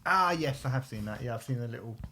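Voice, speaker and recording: A man's voice: medium pitch, lively intonation, fast talker, bright, forceful tone. A man co-hosting a music podcast, speaking bluntly and emphatically with casual swearing. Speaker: podcast co-host. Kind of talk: casual music review chat.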